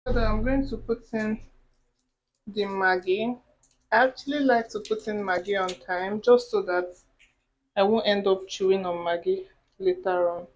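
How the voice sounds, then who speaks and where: A woman's voice: medium pitch, steady tone, normal speed, rough recording. A woman from Nigeria hosting a cooking vlog, chatting casually to viewers as she prepares a dish in her home kitchen. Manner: chatty, talks while cooking, asides to viewers. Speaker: cooking vlogger.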